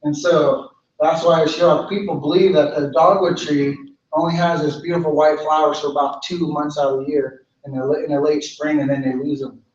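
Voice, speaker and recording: A man tells a traditional story aloud, unhurried and circling back on his phrases, in a slightly raised voice. He is picked up from a distance in a reverberant space. The sound is dull and lo-fi. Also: a little high, level tone, a little mellow. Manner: unhurried, repetitive, with many restarts. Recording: echoey, distant, lo-fi hall recording.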